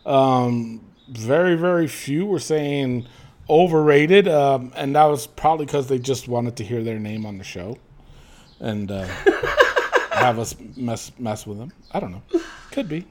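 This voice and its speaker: A man co-hosting a casual chat podcast, reading listener comments aloud with animated swearing and frequent laughter. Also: medium pitch, measured pace, slight background noise.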